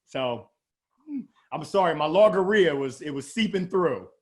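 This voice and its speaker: A middle-aged man with a Southern drawl from Alabama, talking as a guest in an interview, animated and exuberant, joking about himself. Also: fairly high pitch. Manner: animated, exuberant, quick jokes. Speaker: guest sales coach. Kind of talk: energetic interview talk.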